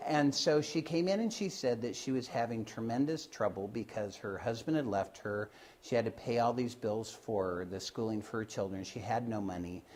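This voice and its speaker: A man's voice: on the low side, normal speed, a little mellow. A man telling stories from his healing work in a loose, hesitant way, with many fillers and restarts, and acting out the voices of the people he quotes. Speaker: Christian Science healer telling of his work. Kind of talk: informal storytelling talk.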